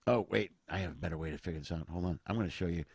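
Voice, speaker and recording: A middle-aged man hosting a casual remote comedy chat, an animated storyteller who acts out other people's voices. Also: low-pitched, very fast, vocal fry, husky, no room sound. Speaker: podcast host. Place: home, remote video chat.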